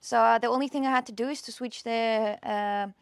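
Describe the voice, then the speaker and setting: A woman's voice: a little high, fairly even intonation, brisk, vocal fry, smooth, no room sound. A woman hosting a casual live stream outdoors in her backyard, talking into her phone camera and often restarting her sentences. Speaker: livestream host.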